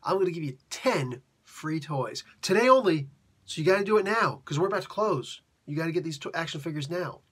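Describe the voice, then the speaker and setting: A sleazy villain behind a toy-shop counter talks fast and wheedles, pressing his deal, done by a man retelling a comic. The voice is husky and sits a little high. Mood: wheedling. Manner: wheedling sales pitch.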